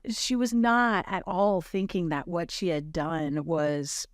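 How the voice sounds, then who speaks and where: A woman on a podcast telling a moving personal story in an earnest, halting way, with many fillers and restarts. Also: on the low side, steady tone, no echo, studio quality.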